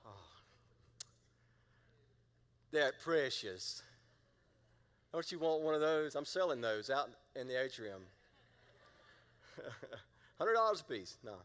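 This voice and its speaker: Playful pastor preaching. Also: male voice, on the high side, animated, measured pace, long pauses, a bit bright, smooth, big-room sound. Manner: playful, conversational preaching with audience call-and-response. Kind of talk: sermon.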